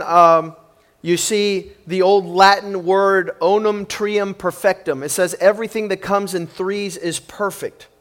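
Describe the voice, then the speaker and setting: Pastor, male, high voice, preaching with emphatic, repetitive force. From Cuban upbringing. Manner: emphatic, repetitive, building in intensity. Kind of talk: sermon.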